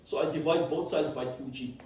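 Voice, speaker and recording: A man giving a live classroom lecture while coding, animated and teasing, often checking whether students follow. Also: medium pitch, a little fast, a little hiss or hum. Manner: animated, teasing, asks "did you see?" often. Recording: echoey lecture hall, distant mic.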